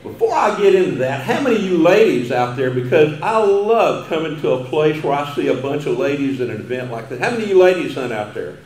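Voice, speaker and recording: A man's voice: fairly high pitch, sing-song, fairly quick, few pauses, darkish tone. Older Texan man, folksy after-dinner storyteller who chuckles often, recorded in a roomy banquet hall. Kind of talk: humorous banquet speech.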